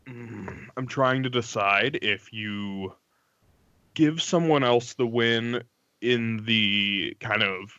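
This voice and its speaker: A man's voice: fairly low pitch, sharp tone, no room sound. A man on a podcast panel thinking aloud in casual chat, hesitant and full of fillers. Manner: thoughtful, hesitant, many fillers. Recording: dry, dull lo-fi mic.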